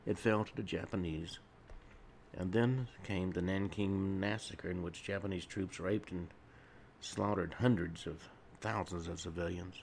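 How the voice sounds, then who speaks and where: A very deep, gravelly male voice, hosting a solo radio talk show from a studio. He rambles along with frequent pauses and restarts. A faint hiss of noise sits under the voice. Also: steady tone.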